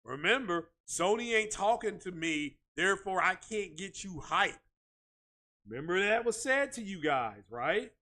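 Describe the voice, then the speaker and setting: A tech video host with a high, bright, forceful voice rants unhurriedly through casual tech commentary. He's animated and repetitive, returning again and again to "you know" as filler.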